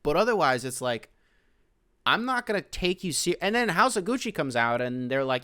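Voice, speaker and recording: A man hosting a podcast, ranting casually and profanely about movies, with loud outbursts. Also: on the high side, very animated, normal speed, clean tone, dry recording, clean studio sound. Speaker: podcast host. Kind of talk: casual solo rant.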